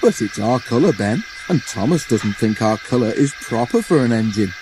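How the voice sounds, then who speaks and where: A man's voice: medium pitch, expressive, normal speed, background noise, lightly acted. A man voicing a cheeky male twin tank engine with a bantering manner.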